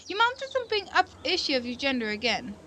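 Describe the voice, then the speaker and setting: A woman's voice: sits high, sing-song, quick pace, background noise. A woman reading a visual novel game aloud and rambling about it, with giggly, emotional reactions. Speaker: gaming video creator.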